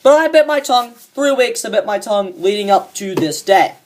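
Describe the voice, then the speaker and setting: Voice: medium pitch, expressive, fairly quick, slight background noise, lightly acted. A fan performer voicing a cocky young man who rants smugly and swears a lot about a coworker, in a comedic monologue. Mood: ranting. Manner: ranting, profane and smug.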